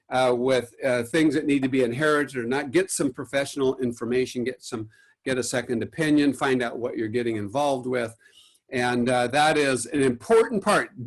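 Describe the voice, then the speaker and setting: A man giving a recorded lecture on caring for artworks, at a middle pitch. He tells stories in a rambling way, with many "uh"s and false starts, and acts out the voices of clients on the phone. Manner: storytelling, acts out quotes, many fillers and restarts. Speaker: art conservator giving a lecture.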